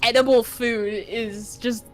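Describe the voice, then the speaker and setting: A woman's voice: on the high side, takes it slowly, soft background music. A woman chatting casually on a live game stream, swearing freely and filling her talk with "like". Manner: profane, filler-heavy, animated.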